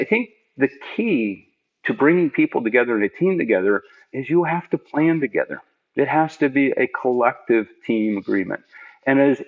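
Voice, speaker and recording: A middle-aged man, a podcast guest, telling stories about his work in a lively, emphatic way, often tagging on "right?". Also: medium pitch, vocal fry, narrow, tinny audio. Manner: animated, emphatic, many "right?" asides. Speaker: podcast guest, product leader. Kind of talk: conversational storytelling.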